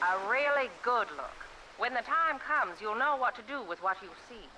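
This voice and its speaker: An actress voicing a reclusive widowed woman in a point-and-click mystery game, speaking in a confiding, measured way. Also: a little high, animated, noisy background, lightly acted.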